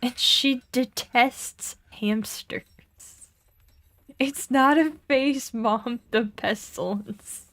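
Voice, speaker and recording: A woman's voice: a little high, very slow, a bit bright, no echo. A young woman streaming a game, chatting casually, giggling often and reading game text aloud.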